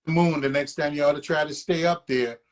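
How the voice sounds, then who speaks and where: A man's voice: on the high side, fairly even intonation, fairly quick. A man who leads a union local, speaking emphatically as a guest and often checking in with a "right?". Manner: emphatic, rallying, checks in with listener. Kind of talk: casual conversation.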